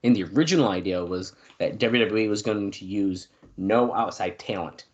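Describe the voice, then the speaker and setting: A man co-hosting a podcast in casual chat, reading news notes aloud with fillers and now and then clearing his throat. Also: on the low side, normal speed, muffled recording. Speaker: podcast co-host.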